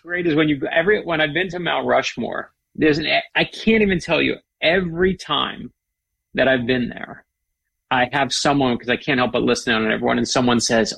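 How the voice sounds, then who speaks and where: A man's voice: mid-range voice, normal speed, gravelly, slightly rough, dry recording. A middle-aged man, a guest author, chatting with enthusiasm and telling stories. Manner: enthusiastic, animated storyteller. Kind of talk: casual chat.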